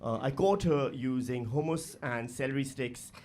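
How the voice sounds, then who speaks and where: A man's voice: medium pitch, normal speed, a little mellow, slight background noise. A middle-aged man performing a stand-up comedy set on a live stage, profane and rambling, full of fillers and talking straight to the audience.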